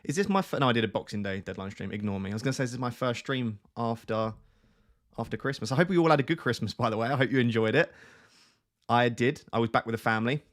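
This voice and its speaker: A chatty man streams from a small room at home, sitting close to his webcam. His voice sits at an ordinary middle pitch, and he talks in an easygoing way while he greets viewers one by one. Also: quick pace. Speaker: fantasy football streamer. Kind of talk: casual live stream chat. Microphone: webcam close on face.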